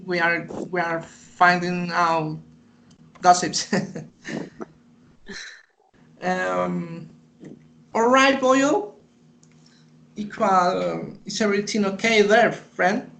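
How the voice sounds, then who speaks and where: Very slow, halting male student. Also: sits high, steady tone, gravelly, a bit bright, slight background noise, poor audio. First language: Spanish. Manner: halting, many fillers and restarts. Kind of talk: presenting research in class.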